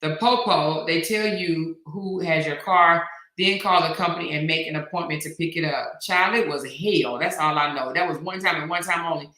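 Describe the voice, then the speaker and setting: A woman's voice: deep voice, normal speed, sharp tone, roomy sound. A middle-aged woman hosting a casual live stream, chatty and slangy, reading viewer comments aloud. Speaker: host.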